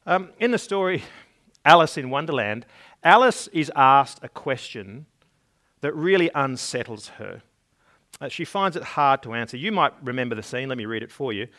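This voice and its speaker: A man's voice: mid-range voice, expressive, normal speed, fairly bright tone. A man preaching a sermon, earnest and emphatic, reading scripture aloud and repeating words as he builds his points. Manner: reads scripture and stories aloud.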